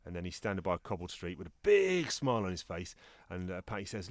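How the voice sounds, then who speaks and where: Low-voiced man, dry close recording. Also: animated, quick pace, dry recording. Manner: easygoing storytelling with chuckles while reading out strips. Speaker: podcast co-host. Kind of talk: casual podcast chat.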